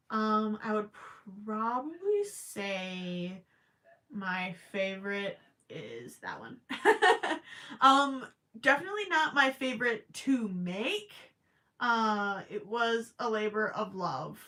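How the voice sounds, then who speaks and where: A woman's voice: mid-range voice, a bit bright. A young woman livestreaming while she crochets, chatting casually and reading viewer comments aloud.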